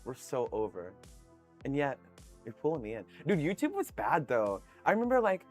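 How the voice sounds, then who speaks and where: A man's voice: medium pitch, huge pitch swings, normal speed, faint music behind. Chatty swearing male streamer. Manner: chatty, swears freely, laughs often. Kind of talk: casual live-stream chat, reading comments.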